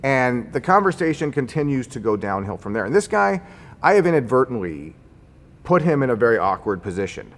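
A man recounting a true story from his own life, in a relaxed, conversational and wry manner. His voice is middle-pitched and rings out with a long hall reverb around it. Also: fairly quick. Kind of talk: personal story told to an audience.

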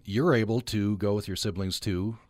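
A man's voice: fairly low pitch, steady tone, moderate pace, darkish tone, dry recording. A man hosting a radio interview, hesitant and repeating words as he forms his questions. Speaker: radio host.

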